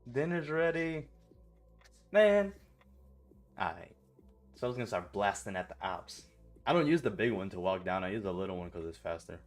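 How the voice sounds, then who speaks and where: A young man with a very deep, low voice tells stories bluntly, swearing casually as he talks. He speaks as a streamer chatting to his viewers. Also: fast talker, soft background music. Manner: blunt, profane storytelling. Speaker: trading streamer. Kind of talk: casual vlog monologue.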